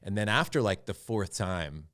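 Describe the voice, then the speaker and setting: A middle-aged man speaking as a podcast guest, talking candidly and reflectively about fatherhood and getting animated as he recounts stories. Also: fairly low pitch, normal speed. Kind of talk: candid conversational storytelling.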